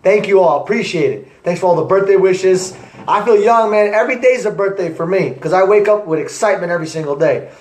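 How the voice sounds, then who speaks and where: A young man, an entrepreneur, giving an energetic motivational talk to camera with repetitive, punchy phrasing. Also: high-pitched, fast. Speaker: entrepreneur vlogger. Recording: echoey room.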